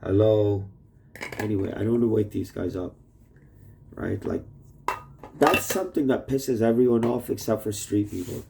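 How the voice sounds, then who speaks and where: A man's voice: lowish voice, moderate pace, vocal fry, long pauses, background noise. A man rambling through a cursing, topic-hopping video message to his wife, indoors at home. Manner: rambling, profane, jumps between topics. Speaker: vlogger. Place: indoors, shared home with sleeping roommates.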